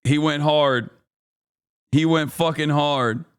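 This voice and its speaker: A man talks through a live stream in loose, heated commentary, swearing freely and breaking into laughter. His voice sits high and comes across smooth and clear. He sounds exasperated and worked up. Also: takes it slowly. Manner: animated and indignant, swears, laughs often. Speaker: streamer reacting to a clip.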